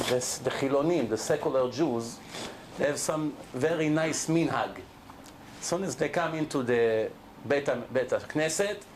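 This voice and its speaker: A middle-aged rabbi giving a lively Torah lecture to a live audience, speaking emphatically and throwing questions at the listeners. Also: male voice, mid-range voice, slight background noise.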